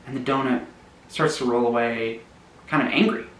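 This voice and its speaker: A man telling a long, absurd joke story in a deadpan, mock-tragic way, sometimes trailing off quietly. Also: mid-range voice, normal speed, roomy sound, poor audio. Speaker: comedy storyteller.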